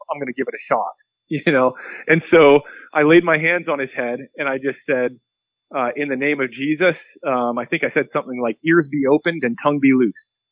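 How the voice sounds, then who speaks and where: A pastor being interviewed, telling a long story earnestly and acting out the quotes. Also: male voice, medium pitch, no room sound, muffled recording.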